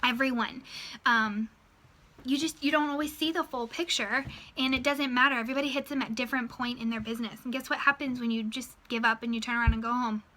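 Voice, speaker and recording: A woman in her thirties telling a story in a chatty, animated way, acting out her own inner voice, then coaching her sales team. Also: fairly high pitch, fast talker. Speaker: direct sales team leader. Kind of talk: motivational storytelling vlog.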